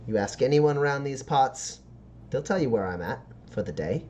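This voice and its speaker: A man's voice: mid-range voice, lively intonation, moderate pace, darkish tone, a little hiss or hum, natural voice. A man voicing a sly woman street dealer who talks in wheedling sales patter.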